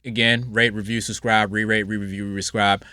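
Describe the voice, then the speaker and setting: A man hosting a solo podcast in a casual, blunt and rambling way, moving between loud outbursts and low mutters. His voice has a forceful, bright tone. The recording is close and dry, with no room echo. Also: flat delivery, fairly quick, smooth. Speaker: podcast host.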